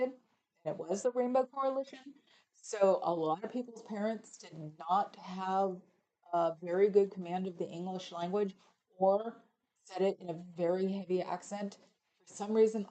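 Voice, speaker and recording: A woman's voice: mid-range voice, mellow, poor audio. A middle-aged woman from California hosting a livestream, chatting casually and reading viewer comments aloud. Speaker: livestream host reading chat. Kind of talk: casual rambling chat.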